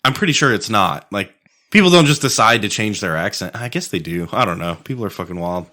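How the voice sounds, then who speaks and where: A man's voice: fairly low pitch, expressive, a little fast, bright, forceful tone. A man co-hosting a podcast, chatting casually over drinks, profane and laughing as he rambles. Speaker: podcast co-host.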